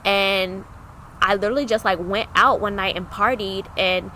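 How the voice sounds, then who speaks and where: A woman's voice: medium pitch, moderate pace, a little hiss or hum, low-quality recording. A woman in her twenties, a podcast co-host, telling a candid personal story and acting out remembered dialogue. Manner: animated, acts out remembered dialogue.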